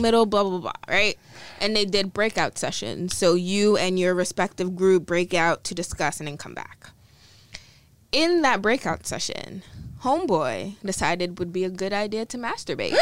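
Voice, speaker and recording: A woman's voice: medium pitch, big pitch swings, normal speed, dry recording. A woman co-hosting a podcast, talking bluntly and expressively in casual chat. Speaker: podcast co-host.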